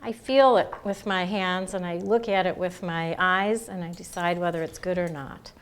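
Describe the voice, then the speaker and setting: A woman's voice: fairly low pitch, fairly even intonation, moderate pace. A middle-aged woman from Buffalo, a cookbook author, chatting while she cooks and recalls family meals. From Buffalo, New York. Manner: warm reminiscing, laughs often. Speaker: cookbook author and home cook. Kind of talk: cooking demonstration and interview. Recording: with music behind.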